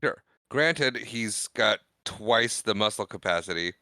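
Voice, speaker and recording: A man's voice: fairly low pitch, animated, unhurried, bright, forceful tone, no echo. A man co-hosting a casual podcast, chiming in with short, dry remarks. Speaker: podcast co-host. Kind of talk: casual chat.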